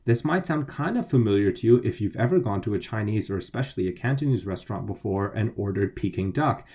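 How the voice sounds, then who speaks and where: Low-voiced man teaching Mandarin words. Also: expressive, fast, mellow. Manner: patient, spells out pinyin letter by letter. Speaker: language podcast co-host. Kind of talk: explaining Mandarin phrases.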